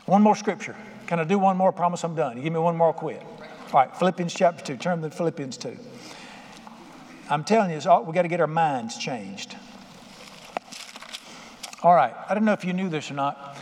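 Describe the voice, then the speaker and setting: An older man preaching a sermon as pastor, folksy and conversational, acting out quotes in plain voices. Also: a little high. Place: church sanctuary. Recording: reverberant hall with faint ambience.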